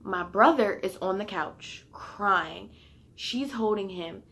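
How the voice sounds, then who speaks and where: A woman telling a personal story in a casual vlog, chatty and full of fillers, turning loud and heated at the tense parts. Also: medium pitch, slow. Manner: grows loud and heated when retelling the fight. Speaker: vlogger.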